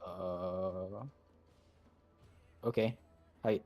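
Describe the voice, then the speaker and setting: A man's voice: low-pitched, fairly even intonation, drawn-out words, a little mellow, soft background music. A man leading a game raid over voice chat, giving easygoing, chatty instructions with apologetic asides. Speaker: raid leader.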